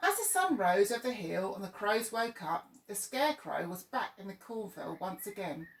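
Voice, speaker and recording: A woman reading a children's story aloud in an expressive, lively way. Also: medium pitch, moderate pace, recorded from a distance. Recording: echoey room, voice off-mic.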